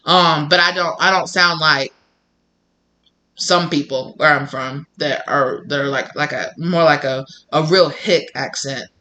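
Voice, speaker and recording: Bright-voiced man with a Southern accent. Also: a little high, fairly even intonation, measured pace. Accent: Southern US country. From Southern United States. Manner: rambling, repeats himself, acts out quoted conversations. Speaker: tarot channel host. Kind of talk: casual personal monologue.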